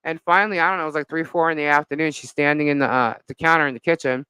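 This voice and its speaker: A woman live-streaming as a vlogger, telling a gossip story in an animated, indignant way with lots of fillers. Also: low voice, rapid-fire, clean tone, dry recording, rough recording.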